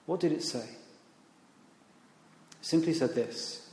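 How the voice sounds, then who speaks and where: A man preaching a sermon in a church, animated, with conversational asides and rising emphasis. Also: fairly high pitch, slow, long pauses. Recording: echoey hall, long reverb.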